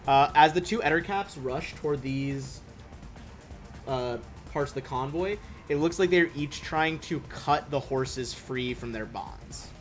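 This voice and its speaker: A young man running a tabletop game as game master, chatty and relaxed, swearing casually. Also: on the high side, measured pace, soft background music.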